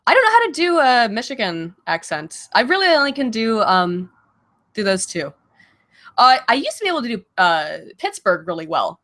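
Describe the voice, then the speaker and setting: Brief: lively, blunt woman streamer, swears freely, laughs a lot, casual Q&A at home on a desk mic. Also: fairly high pitch, moderate pace. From Virginia and Baltimore. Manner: blunt, profane, laughing often. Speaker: streamer answering viewer questions. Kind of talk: casual livestream Q&A.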